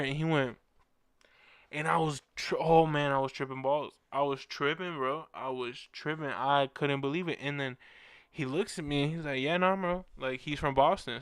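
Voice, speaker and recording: Young male fan-show host, slangy and animated, slightly high voice, smooth and dry close sound. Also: dry recording. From Orlando, Florida. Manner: animated, slangy, says bro a lot. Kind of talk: casual storytelling chat.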